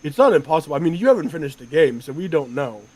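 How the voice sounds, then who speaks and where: Fast-talking young male co-streamer. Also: a little high, expressive, darkish tone, low-quality recording. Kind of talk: casual chat commentary.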